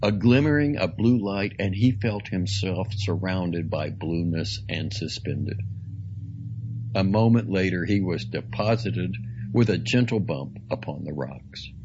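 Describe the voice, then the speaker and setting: A man reading a story aloud in a slow, deliberate, dramatic way. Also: low-pitched, muffled recording, background noise. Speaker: narrator. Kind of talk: audiobook reading.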